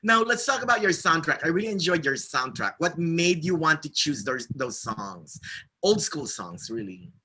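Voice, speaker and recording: A male host interviews a filmmaker with a very bright, sharp voice that swings widely in pitch. He keeps his questions short and answers with eager little "yeah"s. His voice sits a little higher than most men's. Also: sing-song, moderate pace, breathy edge. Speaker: movie show host and interviewer.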